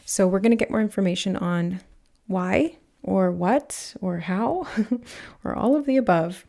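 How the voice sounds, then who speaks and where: A woman giving a pick-a-card tarot reading, speaking in a gentle, earnest way that rambles a little, with soft laughs. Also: mid-range voice, measured pace, gravelly. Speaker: tarot reader.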